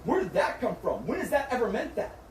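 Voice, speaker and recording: A streamer's manager berates someone in a heated, profane argument, far from the mic in a roomy, echoey space with faint noise. His pitch is extremely high, his delivery sing-song and a little fast.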